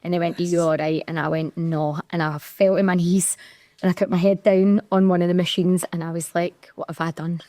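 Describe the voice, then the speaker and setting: A young Scottish woman co-hosts a podcast, speaking fairly quickly in a fairly low, mellow voice with little pitch movement. In casual chat she candidly recounts an emotional episode from her working life, with no room sound.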